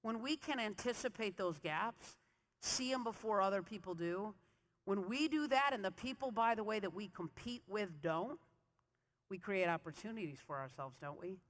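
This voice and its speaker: Keynote speaker, woman, animated storyteller, big echoing hall. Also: medium pitch, moderate pace. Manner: animated storyteller, quizzing the audience. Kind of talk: motivational keynote speech. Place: large convention hall stage. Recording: reverberant convention hall.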